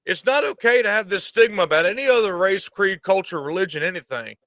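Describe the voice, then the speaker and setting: A man's voice: high-pitched, expressive, fast talker, fairly bright tone, no echo. A man from Georgia with a Southern US accent, a gaming streamer ranting angrily with plenty of swearing. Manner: angry, profane. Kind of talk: ranting monologue.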